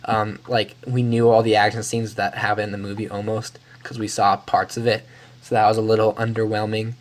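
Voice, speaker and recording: Brief: man host, easygoing joking casual chat. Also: fairly low pitch. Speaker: show host.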